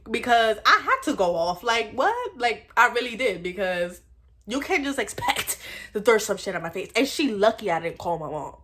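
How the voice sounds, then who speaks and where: Young woman, storytime vlogger, blunt, swears a lot, animated, mid pitch. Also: normal speed. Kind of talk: casual storytime.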